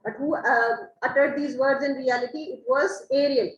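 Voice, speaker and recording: A woman's voice: high voice, fairly even intonation, moderate pace, dull audio. A woman teacher explaining a play line by line, rephrasing each line and checking understanding with "right?". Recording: roomy echo, faint noise.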